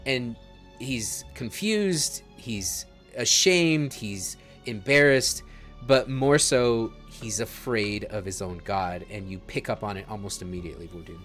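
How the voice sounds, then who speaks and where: A man running a tabletop role-playing game, narrating scenes in a measured, descriptive way with jokey asides. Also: on the low side, a bit bright, soft background music. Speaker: game master.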